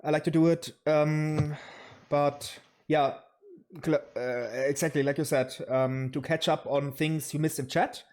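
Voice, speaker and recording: A man's voice: on the high side, fairly even intonation, a little slow, darkish tone. A man with a German accent, a guest streamer in a casual chat who talks bluntly and swears freely.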